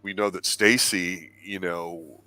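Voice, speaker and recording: Male co-host, very low pitch, bright edge, guides the discussion. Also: steady tone, slow, no echo. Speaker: show co-host. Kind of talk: casual TV episode discussion.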